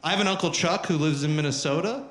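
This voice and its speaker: A man performing stand-up comedy on stage, talking in a profane, animated way and shouting at the crowd. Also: fairly high pitch, quick pace, slight background noise. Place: live comedy venue on stage. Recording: roomy live club recording.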